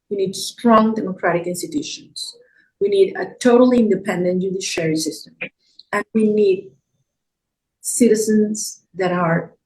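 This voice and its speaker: A woman's voice: mid-range voice, darkish tone, poor audio. A woman from Venezuela with a Venezuelan Spanish accent, answering audience questions earnestly and sometimes repeating words as she searches for them. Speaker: guest speaker.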